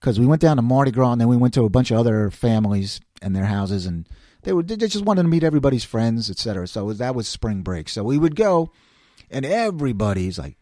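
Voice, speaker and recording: A man's voice: mid-range voice, very animated, quick pace, dark tone, dry recording, studio quality. A man in his fifties from the New York City area with a New York accent, telling stories in a casual monologue, acting out quoted voices and laughing often. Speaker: podcast host.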